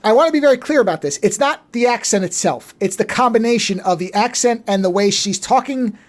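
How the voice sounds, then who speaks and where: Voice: mid-range voice, expressive, fairly quick. Argumentative podcast co-host. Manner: argumentative, insists on finishing points. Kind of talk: casual chat.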